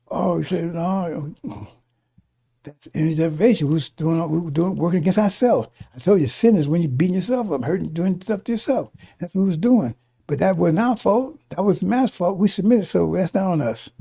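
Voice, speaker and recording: Husky dark-voiced preacher reading scripture. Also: male voice, a little high. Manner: reads verses then explains in casual speech, many restarts and "right?". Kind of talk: sermon, reading scripture with commentary.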